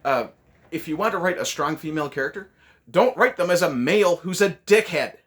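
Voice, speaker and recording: A man's voice: fairly high pitch, animated, a little fast. A man hosting a casual movie review, ranting sarcastically with lots of swearing.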